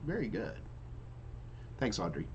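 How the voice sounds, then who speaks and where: A man's voice: on the low side, huge pitch swings, a little slow, highs cut off, a little hiss or hum. A man hosting a live question-and-answer stream, reading out viewer questions and answering them in a loose, chatty way with many restarts, yawning now and then. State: yawning repeatedly. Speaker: live Q&A host and IT trainer.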